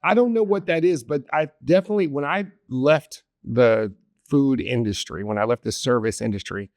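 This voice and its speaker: A man in a casual podcast interview, telling a personal story in an earnest, emotional, halting way. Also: mid-range voice, darkish tone, no room sound, studio quality. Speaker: podcast guest, hospitality executive. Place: podcast studio.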